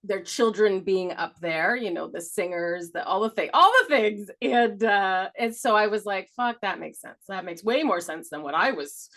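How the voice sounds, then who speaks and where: A woman's voice: medium pitch, moderate pace, hardly any pauses. A middle-aged woman co-hosting a podcast, telling a story in a rambling way, laughing often and swearing casually. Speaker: podcast co-host. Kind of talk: casual chat.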